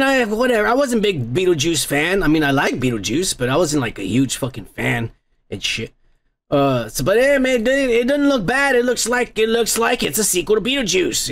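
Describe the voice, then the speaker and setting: Man, podcast host, crude rambling chat, raspy fry, animated pitch. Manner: profane, rambling, mocking, laughs often. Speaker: podcast host reading viewer comments. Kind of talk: crude casual commentary.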